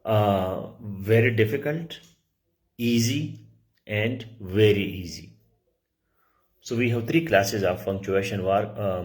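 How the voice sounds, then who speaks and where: A middle-aged male teacher giving a lecture, explaining slowly, repeating key words and often clearing his throat. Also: on the low side. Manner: slow, repetitive explaining with frequent throat clearing; restates key words for emphasis. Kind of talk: lecture on writing.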